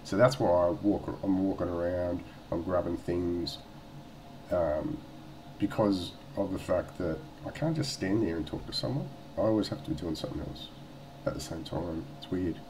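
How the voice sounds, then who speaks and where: Australian man, low voice, blunt and rambling, swears freely, faint hiss. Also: moderate pace, darkish tone, rough recording. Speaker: vlogger. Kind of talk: casual talk to camera.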